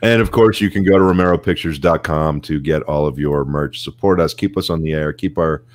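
A man's voice: a bass voice, fairly quick, no echo. A man co-hosting a podcast in casual chat, upbeat as he plugs the show. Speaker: podcast co-host.

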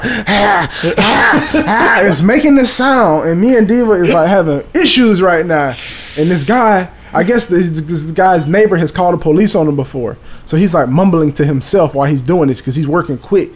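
A man, telling a story in casual chat, animated and profane, acting out voices and sounds. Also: high-pitched, brisk.

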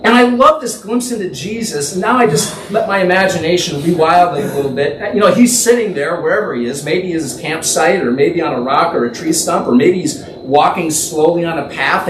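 A man's voice: sits high, animated, moderate pace, few pauses. A man teaching from the Bible in a conversational, thinking-aloud way, imagining the scene and correcting himself as he goes. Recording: echoey room, distant mic, faint background noise.

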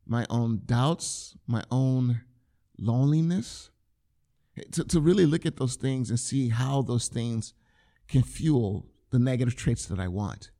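A man's voice: mid-range voice, measured pace, mellow. A man preaching a sermon, repeating key phrases for emphasis and acting out the people in a scripture story. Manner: dramatic, acts out the crowd and the blind men in raised voices. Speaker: pastor.

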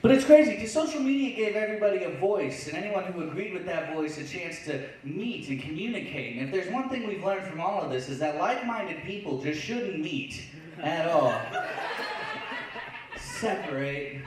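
Brisk and animated, his voice sitting high, a man performs a sarcastic comedy set on a lounge stage to a live audience, mimicking online voices. The recording picks him up from far away and is very echoey.

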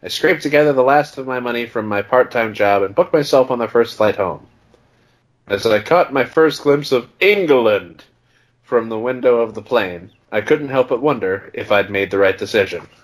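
A man's voice: mid-range voice, normal speed. A man co-hosting a podcast, reading a story aloud in a casual way with joking asides. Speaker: podcast co-host.

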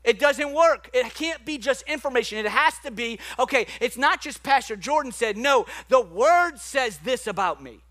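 A high, bright male voice preaching with lively swings between loud bursts and quieter, lower stretches. He is a pastor in his thirties, telling stories and acting out the voices in them. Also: normal speed, few pauses. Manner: animated preaching with acted-out dialogue and asides. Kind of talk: sermon.

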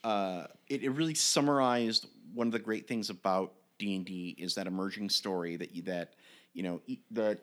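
A man and game master telling a story in an interview, animated and rambling with frequent restarts. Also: fairly low pitch, moderate pace.

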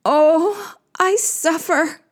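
A woman's voice: on the high side, sing-song, takes it slowly. A woman voicing an anguished underworld queen goddess who moans and groans in pain, in a storytelling reading. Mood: moaning. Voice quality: moaning, groaning.

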